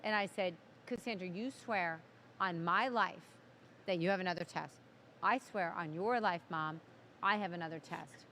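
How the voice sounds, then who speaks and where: A woman's voice: fairly low pitch, pushed and bright, a little hiss or hum. A middle-aged woman co-hosting a casual chat, telling a family story in a chatty way, full of asides. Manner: chatty, talks fast with asides. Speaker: co-host.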